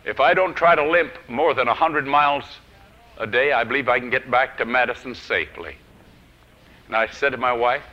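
A man preaching a sermon, telling a personal story and swinging from loud declarations to hushed whispers. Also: mid-range voice, fairly quick. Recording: dull lo-fi old recording.

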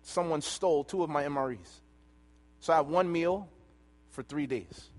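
A man preaching a sermon, telling a personal story and swinging between loud and hushed delivery. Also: on the high side, normal speed. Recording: long hall reverb.

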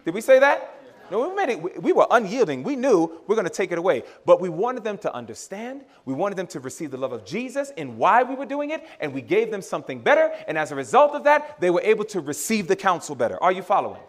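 A man's voice: high-pitched, quick pace. A male preacher giving a sermon to a congregation, acting out family dialogue and calling his listeners brothers and sisters. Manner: animated, laughing, acts out dialogue with his children; addresses audience as brothers and sisters.

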